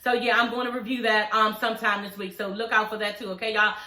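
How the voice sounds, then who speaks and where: A young woman reviewing a TV episode recaps it casually at a quick pace in a medium-pitched voice. She's animated, acting out the characters' lines as she retells the plot, and the room sounds echoey.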